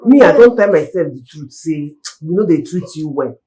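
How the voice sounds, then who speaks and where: A woman's voice: sits low, expressive, normal speed, mellow, poor audio. An actress with a Nigerian accent plays a guardian woman coaxing and pleading in Pidgin with a falsely sweet manner.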